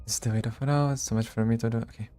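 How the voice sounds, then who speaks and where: A male streamer chatting casually with his viewers while he plays, talking low, quiet and gravelly, and laughing often. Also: fairly even intonation. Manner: speaks low and quiet, gravelly, like a movie vigilante; slow, laughs often, talks to chat. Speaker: streamer playing a game. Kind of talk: casual live-stream chat.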